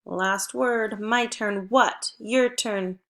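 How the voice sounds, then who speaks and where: A woman teaching a phonics lesson to first graders, giving slow, clear prompts with pauses between them. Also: medium pitch, steady tone, a bit bright.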